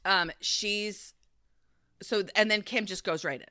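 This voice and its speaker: A woman co-hosting a podcast in casual chat, retelling a show with animated storytelling and acted-out quotes. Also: mid-range voice, slow pace, dry recording, studio quality. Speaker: podcast co-host recapping a reality show.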